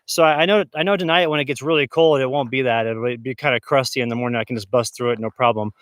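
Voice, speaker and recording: A man's voice: medium pitch, steady tone, fast talker, a bit bright, no room sound. A man livestreaming from a snowy off-grid camp, talking casually and rambling with many fillers and restarts as he walks around. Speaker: vlogger livestreaming off-grid camping. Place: outdoors in snow and inside a large tent.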